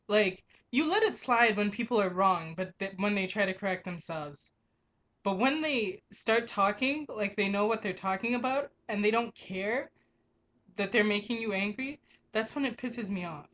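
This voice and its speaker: A woman's voice: mid-range voice, fairly bright tone. A young woman working as a grocery clerk, ranting in an exasperated, emphatic way with frequent swearing. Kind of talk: ranting vlog monologue.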